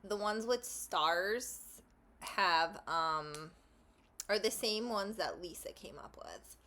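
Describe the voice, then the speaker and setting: A woman hosts her tarot channel in a relaxed, unhurried chat. She rambles and interrupts herself with small asides. Her pitch sits in an ordinary middle range. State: just ate lunch, burpy. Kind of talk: casual vlog chat.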